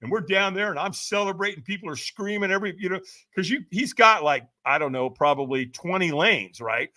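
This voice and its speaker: A man's voice: a little high, pushed and bright, dry recording. A man, a podcast guest, telling a dramatic story, acting out quotes and often checking in with "right?". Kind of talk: animated storytelling.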